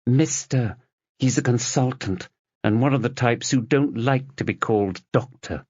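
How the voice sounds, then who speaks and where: A man voicing a worried young wife lying in a hospital bed, tired and sharp, in a dull lo-fi recording. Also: medium pitch, measured pace, slightly rough, no room sound. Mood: weary.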